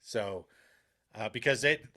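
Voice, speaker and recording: A man's voice: on the low side, slow pace, slightly rough. A man co-hosting a casual podcast chat, telling stories and acting out the voices of people he quotes. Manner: animated storyteller, acts out quoted voices. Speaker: podcast co-host.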